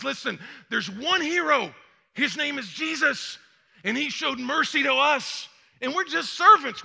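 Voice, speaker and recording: Older male pastor, bright high voice, lively conversational sermon with long room reverb. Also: creaky. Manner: energetic, conversational, acts out quotes. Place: church sanctuary.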